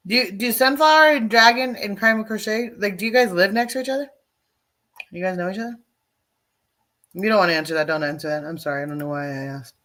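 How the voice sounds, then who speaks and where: A woman hosting a casual video, chatting loosely with quick apologetic asides as she clicks through clips. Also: mid-range voice, fairly bright tone. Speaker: host reacting to videos. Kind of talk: casual chat.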